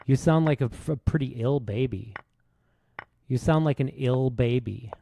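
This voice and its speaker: A man's voice: medium pitch, a little slow, gravelly, mellow, a little hiss or hum. A man streaming chess, rambling through a rude comic roast with lots of false starts. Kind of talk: casual streaming commentary while playing.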